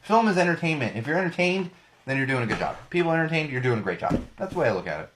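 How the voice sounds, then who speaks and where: Rambling male podcast host, slightly hoarse. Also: on the high side, very animated, rapid-fire, noisy background. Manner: rambling, self-correcting, jokey. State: slightly losing his voice. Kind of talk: casual solo commentary.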